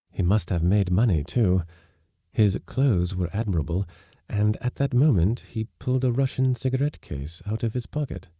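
Mellow-voiced man narrating a story. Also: fairly low pitch, no echo, studio quality. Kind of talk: audiobook reading of a short story.

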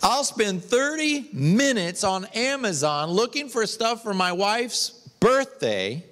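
A man's voice: high voice, big pitch swings, takes it slowly, a bit bright, in a large hall. A man preaching an emphatic sermon as a pastor, speaking in a church sanctuary.

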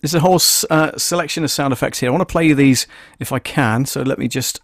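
A man hosting a live stream, casually explaining audio software and thinking aloud as he works. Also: mid-range voice, fast, no echo, studio quality. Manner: chatty, thinking aloud with many fillers.

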